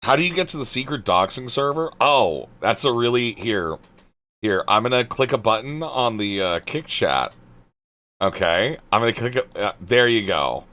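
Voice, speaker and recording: A man's voice: mid-range voice, expressive, moderate pace, pushed and bright. A male streamer reading out his chat and answering it, exasperated and swearing, trailing off into muttered asides.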